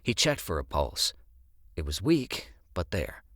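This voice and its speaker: A man narrating an audiobook in an expressive storytelling manner. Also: low voice, unhurried, no echo, clean studio sound.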